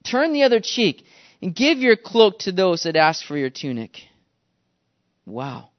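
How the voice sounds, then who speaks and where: Animated man preaching, muffled recording. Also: high-pitched, a little slow. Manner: animated storytelling, acts out quotes. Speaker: pastor. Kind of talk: sermon.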